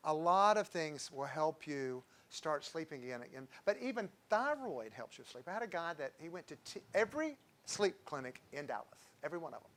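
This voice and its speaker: Male doctor, fairly high voice, rambling health-talk lecturer with anecdotes. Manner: chatty, digressive, tells patient stories with chuckles.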